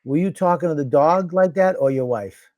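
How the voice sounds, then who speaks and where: A teasing man co-hosting a podcast, with a somewhat high voice. He chats casually and cuts in on his co-host, recorded in a dry, dead room. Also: normal speed, mellow, no room sound. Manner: teasing, interrupting. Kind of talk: casual chat.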